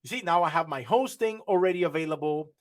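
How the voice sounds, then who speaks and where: A man's voice: fairly high pitch, lively intonation, quick pace. A man leading an online workshop, explaining a live coding demo step by step and often restarting his phrases. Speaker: workshop instructor.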